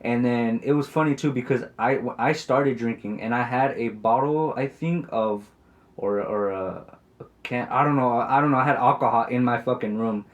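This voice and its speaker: A man's voice: mid-range voice, moderate pace, lo-fi sound. Guy in his 20s rambling thru a family story, tons of um and like, cussing constantly. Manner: rambling, swears a lot, many fillers. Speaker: podcast co-host. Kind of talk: casual chat.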